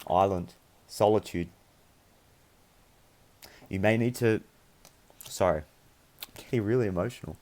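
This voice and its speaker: A man's voice: lowish voice, measured pace, long pauses, warm tone. A young man giving an earnest, meandering spiritual tarot reading, speaking encouragingly to his viewers. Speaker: tarot reader.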